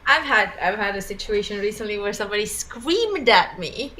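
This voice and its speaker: A woman's voice: mid-range voice, expressive, normal speed, pushed and bright, rough recording. A woman co-hosting a livestream, talking candidly in casual chat and laughing between phrases. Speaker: livestream co-host.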